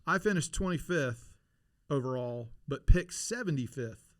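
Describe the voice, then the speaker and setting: A middle-aged man telling stories in a casual interview, animated and laughing, with many restarts. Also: mid-range voice, moderate pace, no echo, clean studio sound. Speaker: podcast guest, former Navy SEAL.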